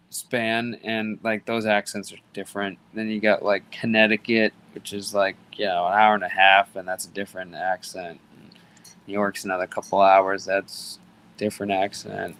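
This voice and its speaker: A man's voice: on the low side, a bit bright, clean tone. A young man hosting a casual livestream chat, rambling, swearing often and getting easily irritated. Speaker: livestream host.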